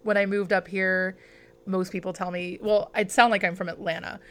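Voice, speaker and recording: A woman's voice: medium pitch, flat delivery, moderate pace, fairly bright tone. A woman from Arkansas co-hosting a podcast, chatty and teasing, laughing often. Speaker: podcast co-host. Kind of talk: casual chat.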